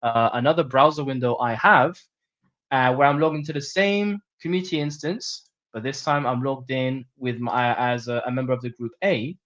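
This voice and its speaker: A man presenting a webinar, walking through a software demo on screen share in a chatty, jokey way. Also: medium pitch, moderate pace, lo-fi sound.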